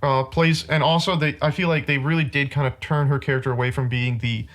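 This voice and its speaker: A man's voice: mid-range voice, level tone, fairly quick, fairly bright tone. A man hosting a casual podcast, rambling through a rant about bad movies and laughing often.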